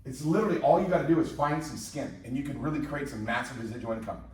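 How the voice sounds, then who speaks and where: A man in his fifties giving an energetic, repetitive motivational sales presentation to a live audience in a large room, rallying the crowd. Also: medium pitch, fast talker. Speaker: company presenter. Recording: very echoey hall, mic far off.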